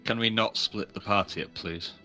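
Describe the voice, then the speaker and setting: A man's voice: lowish voice, fairly even intonation, moderate pace, pushed and bright, soft background music. A man running an online tabletop game as game master, talking casually and swearing freely while he sets up the map.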